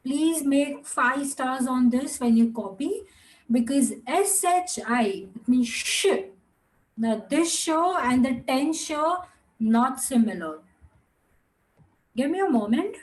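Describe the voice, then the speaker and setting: A woman's voice: high-pitched, lively intonation, poor audio. A woman teaching a Mandarin lesson online, drawing out each word for students to repeat. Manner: slow, drawn-out model pronunciation with repeat-after-me drills; switches into Hindi and Gujarati asides.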